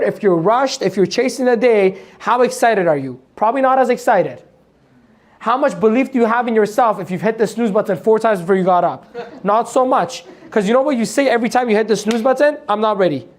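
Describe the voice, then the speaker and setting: A man giving a live motivational training to an audience. He talks bluntly, swears casually, laughs at his own points and keeps firing rhetorical questions at the room. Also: sits high.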